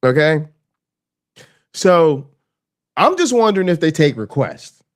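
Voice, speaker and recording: A man hosts a casual reaction livestream in a profane, animated style. His delivery swings from low, quiet murmurs to fast, excited rants. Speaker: streamer host.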